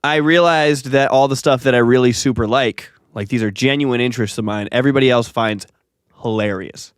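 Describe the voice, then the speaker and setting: Male podcast co-host, mid-pitched, halting and casual. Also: clear, resonant tone, no room sound, clean studio sound. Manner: halting, lots of fillers and restarts. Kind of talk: casual chat.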